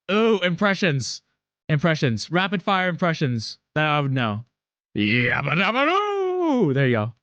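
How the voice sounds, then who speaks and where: Joking man streaming, lively pitch. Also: measured pace, no echo, muffled recording. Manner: joking, many filler ums, laughs often. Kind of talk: casual chat.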